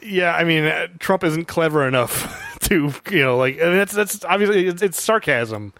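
A man's voice: a little high, lively intonation, moderate pace, a bit bright, no echo. A man co-hosting a podcast, chatting casually about a film, thoughtful and often restarting his sentences. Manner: thoughtful, repeats words when restarting. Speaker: podcast co-host.

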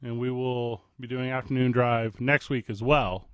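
A man's voice: mid-range voice, steady tone, clean tone, no room sound. A man hosting a casual morning sports talk radio show, joking and chatting with his co-host. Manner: jokey, chatty, quick banter.

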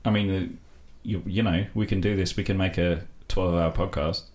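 A man's voice: deep voice, steady tone, moderate pace, darkish tone. A man hosting a casual comedy podcast, dry and self-deprecating. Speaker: podcast host.

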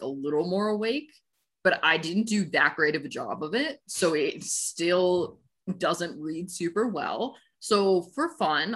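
Low-voiced woman podcast co-host, playful. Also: pushed and bright, breathy edge. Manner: playful storyteller, self-correcting. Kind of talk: casual podcast chat.

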